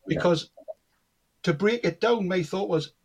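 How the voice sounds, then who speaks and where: A man's voice: high-pitched, unhurried, husky. A man, telling anecdotes in casual chat and acting out the dialogue in them. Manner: animated storyteller, acts out quoted dialogue. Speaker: guest, cold reader.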